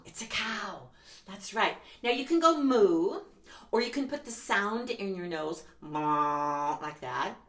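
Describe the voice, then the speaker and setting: A woman's voice: mid-range voice, animated, slow pace. A woman children's musician leading an interactive sing-along, cheerful and teacherly, coaxing the audience to join in. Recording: roomy sound with loud guitar.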